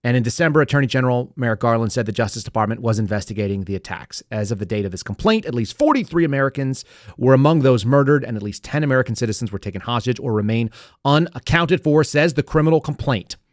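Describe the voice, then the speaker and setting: A man's voice: mid-range voice, expressive, fast, no echo. A man hosting a podcast, giving sardonic, rambling political commentary into a close mic. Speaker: podcast host.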